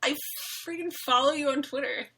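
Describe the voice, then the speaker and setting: On a rough recording, a woman with a high-pitched voice speaks briskly as she co-hosts a podcast. Her casual webcomic chat is emphatic, lively, and packed with fillers.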